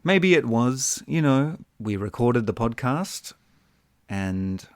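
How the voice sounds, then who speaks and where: A man's voice: mid-range voice, very animated, slow pace, dry recording, studio quality. A man co-hosting an English-learning podcast, chatting casually and playfully, given to jokes. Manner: playful, jokes and does silly voices. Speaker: podcast co-host and English teacher.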